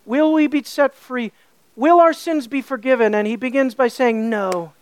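A woman's voice: sits high, normal speed, a little mellow. A woman preaching a sermon, emphatic, with rhetorical questions and building repetition.

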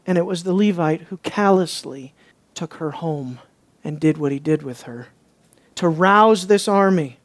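A man preaching an expository sermon. He asks rhetorical questions, swings between hushed and emphatic, and turns sarcastic when mimicking others. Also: on the high side, a little slow.

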